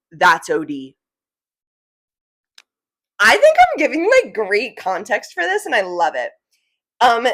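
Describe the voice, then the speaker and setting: A woman's voice: mid-range voice, fairly bright tone. Young woman, New Jersey accent, casual rambling vlog chat, lots of fillers. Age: young adult. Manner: chatty, rambling, self-correcting with lots of "like". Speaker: vlogger.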